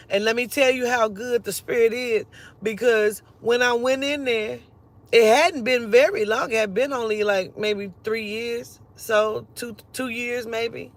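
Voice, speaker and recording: A woman telling a personal story in a casual, animated and profane way, acting out the other people's lines as she goes. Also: a little high.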